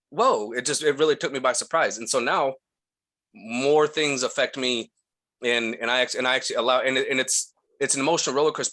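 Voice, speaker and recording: Bright-voiced man telling stories. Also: mid-range voice. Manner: animated, acts out quoted voices. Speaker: guest. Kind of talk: casual storytelling.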